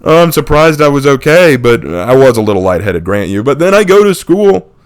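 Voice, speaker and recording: Laughing often, a US man on his channel casually recounts a funny childhood story, slipping into quick impressions of the people in it. His voice is mid-range and smooth, with big pitch swings.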